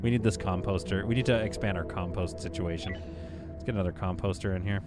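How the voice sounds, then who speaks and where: A man's voice: deep voice, quick pace, loud music behind the voice. A man streaming a game live, chatting casually, laughing often and reading viewer comments aloud.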